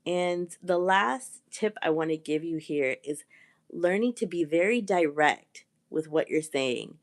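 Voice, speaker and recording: A woman's voice: fairly low pitch, a little mellow. A woman with a sore throat giving a live-stream coaching talk, earnest and repeating her key points. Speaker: communication coach.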